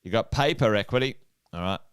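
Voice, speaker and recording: A middle-aged Australian investment coach gives an energetic whiteboard talk on a livestream, repeating his points and quizzing viewers. His voice is fairly low and clean, and he speaks fairly quickly.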